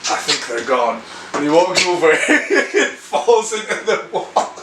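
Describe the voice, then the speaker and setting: A man's voice: on the high side, big pitch swings, slow. Young man, interviewee, loose and crude storyteller who laughs along; picked up from a distance in a roomy space with noise behind. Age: young adult. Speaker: documentary interviewee. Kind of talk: casual anecdote.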